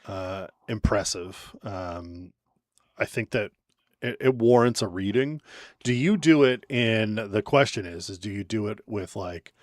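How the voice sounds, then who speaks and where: A man co-hosting a sports talk show, joking and sarcastic in quick casual banter. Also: fairly low pitch, dry recording, clean studio sound.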